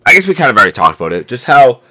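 A man's voice: medium pitch, sing-song, racing, pushed and bright. A man co-hosting a podcast, chatting casually about a movie, rambling with lots of fillers and restarts. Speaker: podcast co-host. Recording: noisy amateur mic recording.

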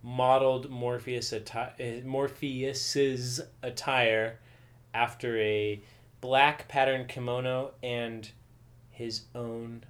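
A man's voice: medium pitch, little pitch movement, slow. A man co-hosting a podcast, chatting casually about a comic book with wry, joking asides. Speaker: podcast co-host.

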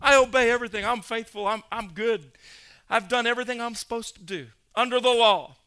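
A man's voice: very high voice, a little fast, clear, resonant tone, pitched above the performer's own voice. A male preacher voicing an eager young man who boasts that he keeps every commandment. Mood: eager boasting. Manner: excited, boastful.

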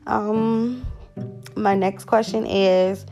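A woman's voice: mid-range voice, fairly even intonation, drawn-out words, warm tone, faint music behind. A woman, chatting casually to camera through a question list while hiccupping and burping and excusing herself often. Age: 20s. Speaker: vlogger.

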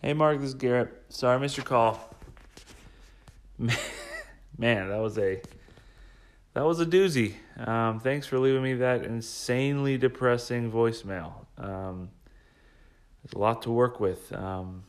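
Laid-back co-host, amused and halting, a touch off-mic. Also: male voice, mid-range voice. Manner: amused, hesitant, filler-laden. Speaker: podcast co-host answering a voicemail.

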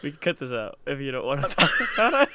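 A man's voice: medium pitch, big pitch swings, fast talker, pushed and bright. A man co-hosting a casual chat, hesitant and rambling, often restarting and laughing. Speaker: podcast co-host.

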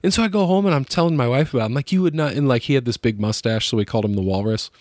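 Storyteller man for a casual chat, mid-range voice, lively and profane, dry close recording. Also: mid-range voice, racing, no room sound. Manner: animated, swearing, laughing storyteller.

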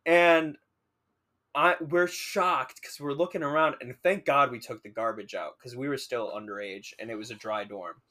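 A young man telling a story on a casual podcast, animated and swearing freely. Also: mid-range voice, normal speed. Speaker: podcast co-host.

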